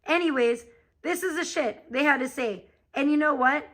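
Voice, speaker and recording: A woman's voice: high voice, normal speed, a bit bright, low-quality recording. A woman live streamer ranting to her chat in a heated, profane, confrontational way. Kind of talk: angry live-stream rant.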